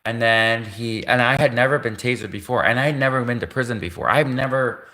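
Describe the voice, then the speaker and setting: A man's voice: mid-range voice, fairly quick, bright, forceful tone. A man from Canada on a livestream, rambling through a monologue with restarts, self-corrections and half-jokes.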